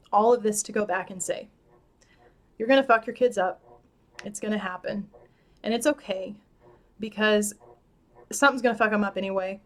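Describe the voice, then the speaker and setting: A woman's voice: medium pitch, a bit bright. Thirties woman doing a casual q&a, candid and a bit emotional, swears here and there. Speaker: host. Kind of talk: casual Q&A talk to camera.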